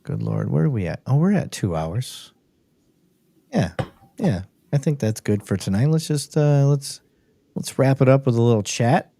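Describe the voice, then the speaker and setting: A man's voice: mid-range voice, moderate pace, creaky. A male host in casual live-stream chat, talking loosely, swearing freely and laughing a lot. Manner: animated, profane, laughing a lot.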